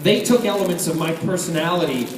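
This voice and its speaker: A middle-aged man from Scotland, an actor answering fan questions at a live convention panel, animated and joking, laughing often. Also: on the high side, fast talker. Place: large convention hall. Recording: echoey convention hall from a distance, loud crowd noise.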